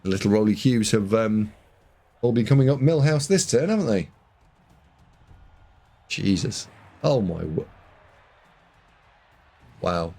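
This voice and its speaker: A man casting a video game match, excitable, jumping from loud shouts to muttered asides. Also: lowish voice, slow, creaky, pauses often. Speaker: game caster.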